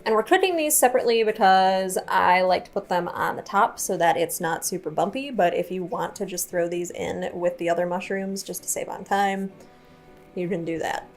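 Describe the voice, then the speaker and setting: A woman's voice: on the low side, normal speed, faint music behind. A young woman hosting a home cooking tutorial in a kitchen, chatty, playful and self-mocking, laughing often at her own slips. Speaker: cooking show host.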